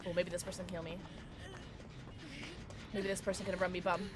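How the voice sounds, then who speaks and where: A woman streamer giving live gaming commentary, excitable and playful, often squealing and laughing. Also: on the low side, a little fast, long pauses, noisy background. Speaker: livestreamer.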